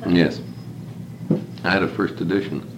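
A man's voice: deep voice, steady tone, a little slow, creaky. A man leading an informal talk to a small group, reflective and rambling, stacking up repeated calls to "consider" as he goes. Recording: echoey room with faint hiss.

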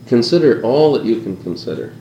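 A man with a mid-range, warm voice leads an informal talk for a small group, speaking a little fast with lively intonation. He is reflective and rambling, piling up repeated calls to "consider." The audio is dull, recorded in an echoey room with faint hiss.

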